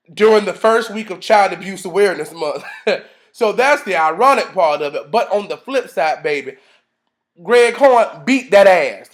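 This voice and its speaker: A man in his thirties ranting casually as a vlogger, sassy and profane, acting out quotes in a high voice. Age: 30s.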